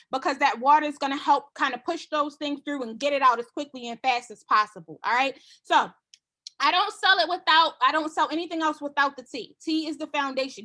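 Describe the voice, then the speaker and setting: A woman's voice: high voice, sharp tone. A woman giving a casual sales training talk to her team, confident and repetitive, acting out customer conversations.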